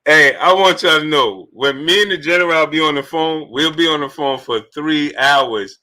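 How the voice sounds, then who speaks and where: A man's voice: fairly high pitch, moderate pace, pushed and bright. A man hosting a boxing livestream in casual chat, greeting viewers by name as he talks loosely.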